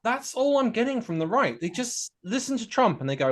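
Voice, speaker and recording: Lively jokey man, very expressive pitch. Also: a little fast. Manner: lively, jokey, laughs often. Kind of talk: casual political chat.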